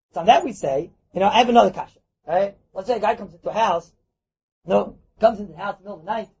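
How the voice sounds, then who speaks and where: A man with a husky, gravelly voice leads a lively Talmud class. His pitch sits high and swoops around as he acts out scenes for his students, and the recording sounds muffled and lo-fi. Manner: animated, acts out little scenes, mixes in Hebrew and Yiddish terms. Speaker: Torah teacher. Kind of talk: animated Talmud class lecture.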